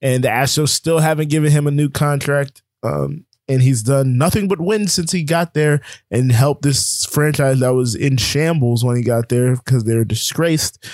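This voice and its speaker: A man's voice: medium pitch, a little mellow, no room sound, studio quality. A man co-hosting a casual sports talk show, running through rankings and scores with lots of fillers. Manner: rambling, filler-heavy rundown of rankings. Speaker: sports podcast co-host.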